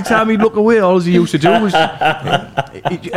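A man's voice: high voice, moderate pace, a loud crowd. Man, podcast host, casual chat, rambling, laughing storyteller, salty language. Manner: rambling, laughs through his stories; swears freely.

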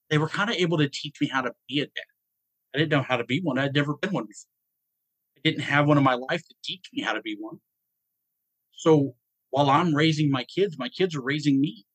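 A middle-aged man, telling a personal story as a podcast guest, halting and stammering, low and subdued. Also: expressive, breathy edge, no room sound, poor audio. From Georgia, US. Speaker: guest dad.

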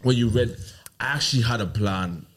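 A man's voice: mid-range voice, a little fast, a bit bright, husky. A man hosting a casual podcast chat, laughing often and teasing his guest. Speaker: podcast host. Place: Dublin.

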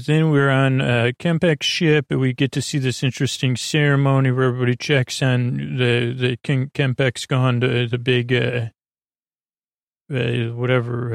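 A man's voice: mid-range voice, gravelly, no room sound, studio quality. A man hosting a sleep podcast, casually retelling a TV episode in a loose, rambling way full of fillers and restarts.

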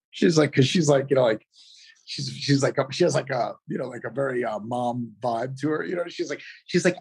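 A middle-aged man, an actor guest, telling a story in a casual, animated way, full of "you know" fillers. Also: mid-range voice, quick pace, gravelly, husky.

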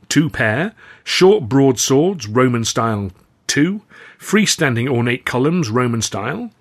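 A man reading his own novel aloud, with measured, wry storytelling. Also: mid-range voice. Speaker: author and reader.

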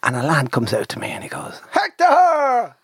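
A man with an Irish accent telling a lively anecdote in a casual chat, acting out the people he quotes. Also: medium pitch, fast, slightly rough, no room sound. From Ireland. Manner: animated, acts out the people he quotes, lively repetitions. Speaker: TV presenter telling a story. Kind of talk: casual anecdote, conversational storytelling.

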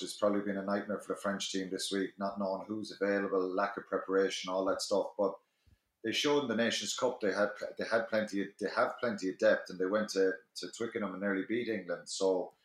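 A man's voice: on the low side, reverberant, low-quality recording. A man giving his views as a rugby pundit on a podcast, hesitant with many fillers. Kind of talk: podcast discussion.

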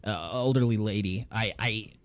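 A young man, a podcast co-host, telling a story in casual chat, animated and laughing as he acts out what people said. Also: fairly low pitch, normal speed.

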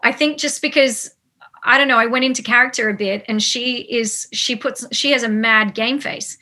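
Woman, interview guest, lively storytelling, lots of fillers, crisp bright tone. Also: fairly high pitch, normal speed. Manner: animated, lots of fillers and quoted asides. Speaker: actor guest.

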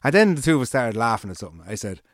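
A man's voice: mid-range voice, very animated, rapid-fire, dry recording, studio quality. A man with an Irish accent telling a long, rambling anecdote in casual chat, acting out the quoted lines and swearing freely.

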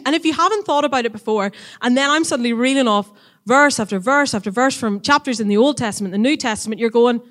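A woman teaching a church audience in a casual, chatty sermon, lively and quick to act out voices when retelling stories. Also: a little high.

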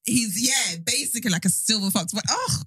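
A woman's voice: a little high, fairly quick, husky, no echo. A young woman, casually telling a long personal story to friends and acting out the quotes. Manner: animated, acts out quotes.

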